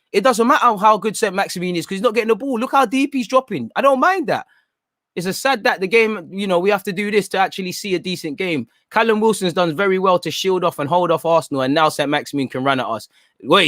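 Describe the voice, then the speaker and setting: A man giving excitable, slangy live commentary at a football watchalong, often talking to his viewers. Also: sits high, dry recording, studio quality. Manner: excitable, chatty, slangy, keeps addressing "people".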